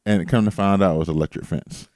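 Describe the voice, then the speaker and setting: A low-voiced man with a dark, mellow tone, co-hosting a casual podcast. He tells his stories in a loose, animated way and swears freely. The sound is dry and close. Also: fast talker, dry recording. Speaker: podcast co-host. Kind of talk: casual storytelling chat.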